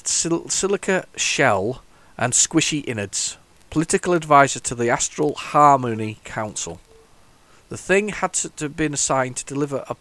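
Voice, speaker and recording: With no room sound at all, a man's mid-range voice comes through as he plays old computer games. He's a retro gaming YouTuber whose casual commentary rambles, with lots of stumbling and restarted sentences.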